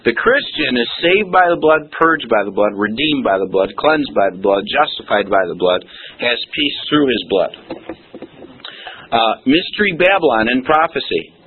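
A man's voice: mid-range voice, sing-song, moderate pace, slightly rough. Preacher man on a tinny recording. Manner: emphatic, folksy preaching with repeated "okay?". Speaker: pastor. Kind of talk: sermon.

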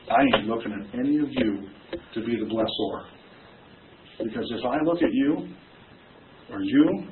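A middle-aged man preaching a sermon in a mid-pitched voice, moving between ringing emphasis and hushed, emotional asides. He is picked up from a distance in a reverberant room. The sound is thin and phone-like with faint background noise. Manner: preachy, with rising shouts and quiet, emotional asides. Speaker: pastor. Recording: distant, echoey, phone-like church recording.

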